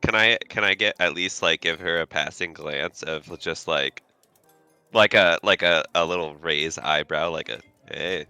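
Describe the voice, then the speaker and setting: A man playing in a tabletop game, excitable, swearing and stammering as he jokes with the group. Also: sits low, moderate pace, smooth, no room sound, soft background music. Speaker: player.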